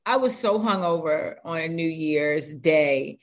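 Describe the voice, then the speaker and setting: Young woman hosting a chill chat, kinda low voice, chatty and joking. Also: takes it slowly. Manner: chatty, animated, playful asides. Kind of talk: casual chat among friends.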